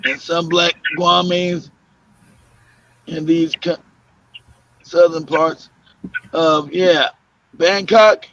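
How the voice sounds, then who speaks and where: A man's voice: a little high, steady tone, drawn-out words, long pauses, a bit bright, slight background noise. Man, talk show host, rambling casual storytelling, frequent fillers, muffled lo-fi sound. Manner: loose, laughing, full of fillers and restarts. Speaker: podcast host. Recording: muffled lo-fi audio.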